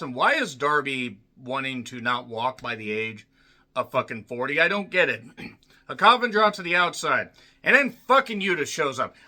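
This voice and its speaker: A young man tears into a wrestling show, swearing and yelling one moment, muttering the next. His voice sits high and sharp, with a wide, restless pitch. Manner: profane, yelling and ranting, swinging between shouts and mutters. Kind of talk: angry ranting review.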